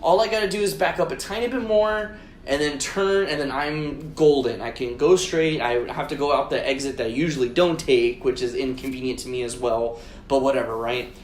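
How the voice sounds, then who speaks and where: A man co-hosting a podcast, telling a story in casual chat, swearing constantly and acting out his own shouted lines. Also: medium pitch, brisk, a little hiss or hum. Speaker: podcast co-host. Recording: roomy echo.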